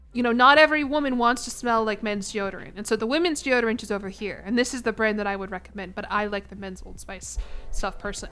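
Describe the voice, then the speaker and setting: A woman's voice: fairly high pitch, fairly bright tone. A young American woman streaming a game and chatting casually with her audience, in a rambling, self-conscious way. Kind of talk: casual chat with a live chat.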